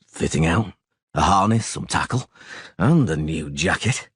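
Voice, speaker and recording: A man's voice: low-pitched, animated, a little slow, breathy edge, dry recording, voice pushed down, heavily acted. Geralt, a man doing a terse monster hunter. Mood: dry terse. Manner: dry, clipped, sparse. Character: terse, weary adult male monster hunter. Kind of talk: audiobook character voice.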